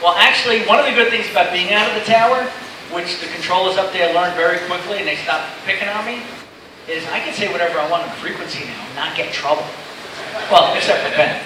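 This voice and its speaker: A man's voice: sits high, fast. A middle-aged man giving an informal safety seminar to pilots, chatty and joking as he rambles through stories. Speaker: seminar speaker. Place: seminar room with audience. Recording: echoey room from far off, noisy.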